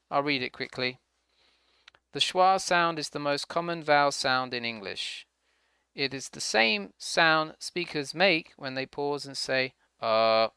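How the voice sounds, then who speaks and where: A man's voice: mid-range voice, bright, forceful tone, clean tone, no echo, clean studio sound. A man teaching an English class, walking students through the textbook page by page and often checking in with "okay?". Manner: slow, repeats "okay?" to check understanding. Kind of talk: online class instruction.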